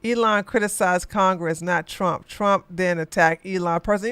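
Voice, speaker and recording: A podcast host reading news headlines aloud and reacting with loud exclamations and asides. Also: medium pitch, fairly even intonation, moderate pace, few pauses, clear, resonant tone, dry recording. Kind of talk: live news commentary.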